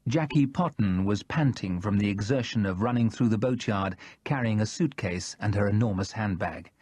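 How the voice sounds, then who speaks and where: A man narrating a novel in the first person, in a measured and expressive manner. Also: fairly low pitch, slightly rough, dry recording. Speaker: audiobook narrator.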